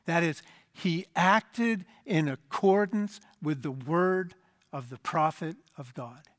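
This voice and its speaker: A man preaching a sermon, explaining a scripture passage emphatically and dropping to a low, quiet voice at the end of phrases. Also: takes it slowly, no echo, clean studio sound.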